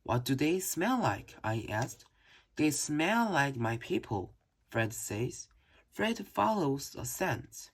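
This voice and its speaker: A reader reading a children's book aloud slowly and carefully, with occasional slips. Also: medium pitch, sing-song, husky. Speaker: storybook reader.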